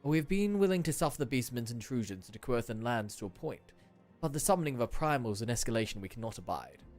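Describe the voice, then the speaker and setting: A dignified older nobleman from a fantasy game speaks with stately, courteous formality, as a man voices him. His voice sits at an ordinary middle pitch. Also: animated, fast, darkish tone, faint music behind, natural voice.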